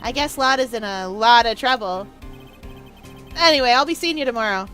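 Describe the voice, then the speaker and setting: A woman doing a loud, hearty cop. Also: on the high side, lively intonation, moderate pace, soft background music. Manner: hearty, boisterous. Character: loud eager male police detective.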